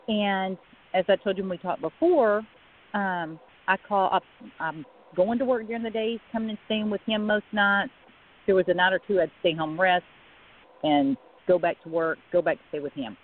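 Woman's husky voice over a phone line. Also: mid-range voice, steady tone, normal speed. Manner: conversational, quoting others in a retold story. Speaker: guest. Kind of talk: personal story in a radio interview.

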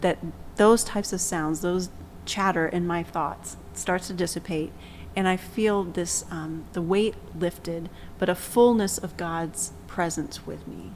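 Woman, faith talk host, calm reflective delivery, lower voice, faint hiss. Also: slow, hardly any pauses, poor audio. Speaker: podcast host. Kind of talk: faith discussion, reading scripture.

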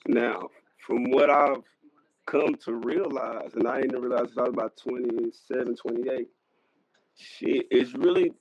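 A podcast co-host in his thirties debates bluntly in casual slang, often repeating himself for emphasis. His medium-pitched voice is unhurried and a little mellow, captured in a lo-fi, dry recording.

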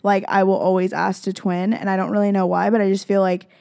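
Gushing young woman with vocal fry. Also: mid-range voice, level tone, a little fast, warm tone, no echo, studio quality. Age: young adult. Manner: gushing, rambling, heavy on "like" and "freaking". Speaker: podcast host. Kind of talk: casual confessional chat.

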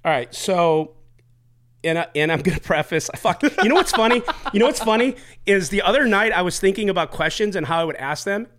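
A middle-aged man hosts a casual podcast with a voice pitched a little high for a man. He jokes, swears freely and winds through long preambles before he gets to a question. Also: animated, fairly quick, fairly bright tone. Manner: joking, profane, long rambling preambles. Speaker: podcast host.

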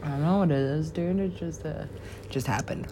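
A woman's voice: deep voice, normal speed, background noise. A woman talking in a rambling monologue, laughing often and dropping to whispers now and then.

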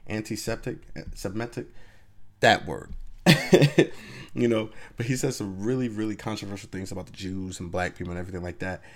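A man's voice: low voice, flat delivery, quick pace, few pauses. A man hosting his own podcast, talking loosely and conversationally as he gives his opinions and keeps asking the listener to agree. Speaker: podcast host. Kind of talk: casual opinion monologue.

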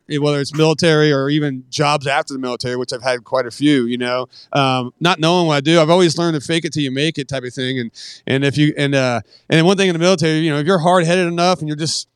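A man's voice: on the high side, steady tone, fast talker, clear, resonant tone, no echo, clean studio sound. A middle-aged man telling stories in a casual interview, laid-back and profane, acting out what other people said. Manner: profane, laid-back storyteller, acts out quoted voices. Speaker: podcast guest.

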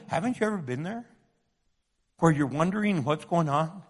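A man preaching a sermon with passion, moving between loud pleading and hushed tones, in an echoing church hall. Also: on the high side, expressive, moderate pace, long pauses. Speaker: pastor.

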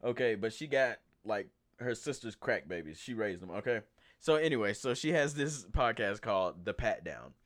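Male podcast host, low-ish voice, easygoing, laughs and swears freely. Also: expressive, moderate pace. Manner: laid-back, laughs often, swears freely. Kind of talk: casual chat.

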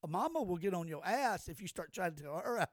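A man's voice: high voice, expressive, quick pace, no echo, studio quality. An older man co-hosting a podcast, telling stories in a rambling, profane way with many restarts. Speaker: podcast co-host. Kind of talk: casual chat.

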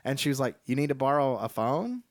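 A man's voice: medium pitch, fairly quick, no echo, clean studio sound. A man, a podcast co-host from Texas, telling a story in casual chat among friends and acting out a phone call with lots of swearing. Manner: animated retelling, acting out both sides of a phone call, swearing freely.

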